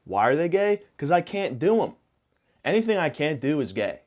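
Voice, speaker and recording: A man hosting a podcast, rambling through a self-mocking comic monologue full of absurd tangents and deadpan hot takes. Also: fairly high pitch, normal speed. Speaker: podcast host.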